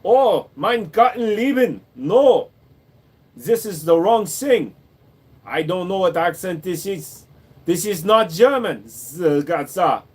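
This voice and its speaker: A man doing a loud, exaggerated mock German voice for an indignant man disgusted by a smell. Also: high voice, expressive, takes it slowly, breathy edge, pitched above the performer's own voice, full character voice.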